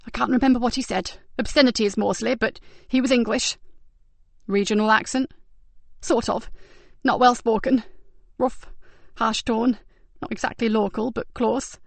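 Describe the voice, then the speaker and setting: A woman doing a shaken young woman, pitched high. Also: steady tone, normal speed, creaky, no room sound. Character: frightened injured young woman victim. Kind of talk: audiobook character voice.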